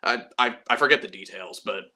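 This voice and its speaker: A man's voice: lowish voice, a little fast, bright, forceful tone. A young man hosting a casual livestream, chatty and profane, mocking himself and laughing often. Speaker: livestream host.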